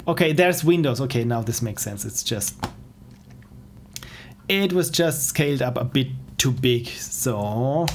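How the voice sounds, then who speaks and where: A man's voice: mid-range voice, a little hiss or hum. A man casually commenting while playing indie games on a stream, enthusiastic and self-deprecating. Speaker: game streamer.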